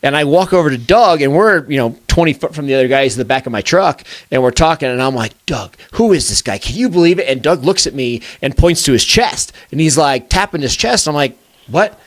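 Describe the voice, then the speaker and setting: A middle-aged man hosts a podcast and tells a long story in a relaxed, chatty way. His voice sits a little high, and he jumps up sharply in pitch when he acts out what people said. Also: a little fast. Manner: animated, acts out quotes with big pitch jumps. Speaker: podcast host. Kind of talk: casual storytelling.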